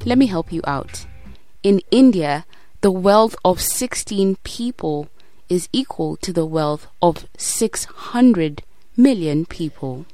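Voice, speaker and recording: A woman's voice: lowish voice, expressive, takes it slowly, warm tone, no room sound. A woman from Kenya hosting a podcast, upbeat and inviting as she introduces the show. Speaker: podcast host.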